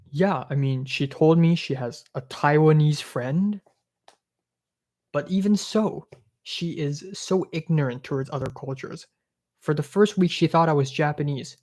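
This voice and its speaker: A man's voice: on the high side, a little mellow. Young male streamer, exasperated and sweary, sarcastic casual rant. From Hong Kong. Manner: profane, exasperated, sarcastic ranting. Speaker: live streamer.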